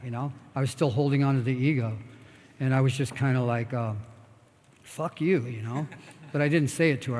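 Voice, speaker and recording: A man's voice: medium pitch, darkish tone. An older American man giving a candid, rambling talk on stage and answering audience questions, blunt and full of swearing. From United States. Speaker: guest speaker. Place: expo talk stage in a large hall. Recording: long hall reverb.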